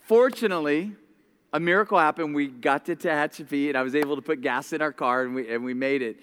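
Male pastor, high bright voice, animated storytelling sermon, stumbles over his openings. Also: quick pace, clean tone. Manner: repeats words when starting sentences.

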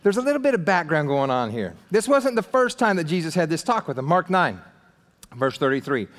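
Animated male pastor in reverb. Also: on the high side, a little fast. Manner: animated, acts out quoted voices, casual slang. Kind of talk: sermon.

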